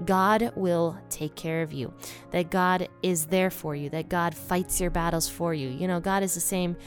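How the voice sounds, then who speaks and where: A woman casually reading and explaining a Bible passage in a chatty, relaxed way, her voice slightly worn. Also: fairly low pitch, unhurried, faint music behind. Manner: chatty and relaxed, with light chuckles and asides. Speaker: Bible study teacher.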